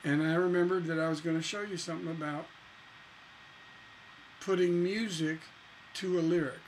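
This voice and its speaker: A man's voice: a little high, steady tone, moderate pace, a little hiss or hum, poor audio. A man teaching songwriting in a casual lesson, musing aloud as he works through chords on guitar. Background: acoustic guitar playing.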